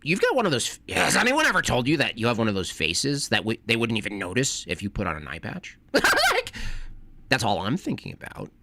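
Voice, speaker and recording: A man streaming casually, reacting to a video with sarcastic, mocking commentary that swings between loud jabs and mumbled asides. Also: mid-range voice, huge pitch swings, brisk, very noisy.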